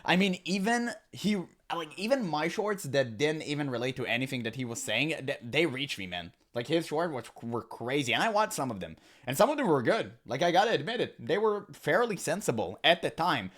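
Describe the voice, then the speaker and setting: A man's voice: a little high, sing-song, fairly quick, hardly any pauses, a bit bright. A man hosting a reaction commentary, talking casually and emphatically with exasperated, slangy asides to his viewers. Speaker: commentary host reacting to a video.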